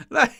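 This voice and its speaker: A man hosting a live football watchalong, joking, laughing often and reading out the chat. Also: bright, forceful tone. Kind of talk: live match watchalong commentary.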